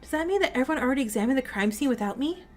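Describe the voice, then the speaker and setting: A woman's voice: sits high, expressive, racing, music in the background. A woman voicing a stubborn young woman protagonist who is wounded, speaking tersely and guardedly.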